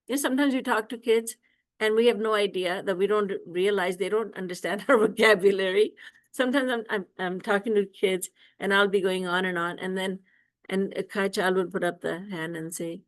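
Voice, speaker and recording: A woman spiritual teacher telling devotional stories in an animated way, often laughing and acting out scenes, over a video call. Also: mid-range voice. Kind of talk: devotional storytelling discourse.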